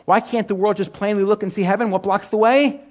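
A higher-voiced man preaching a sermon. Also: steady tone, a little fast. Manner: asks rhetorical questions and answers them himself; conversational, with frequent "you know" and restarts. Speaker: Bible teacher. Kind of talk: sermon teaching.

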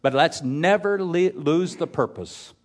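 A man's voice: on the high side, a little slow. Man preaching a storytelling sermon. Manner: storytelling with self-deprecating humor, swings between loud and hushed. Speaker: pastor.

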